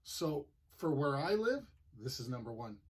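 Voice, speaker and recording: A man's voice: medium pitch, big pitch swings, a little slow, slightly rough. A man from Manitoba hosting a gardening channel, talking in a chatty, plainspoken way and telling stories. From Manitoba, Canada. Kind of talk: casual explanatory vlog.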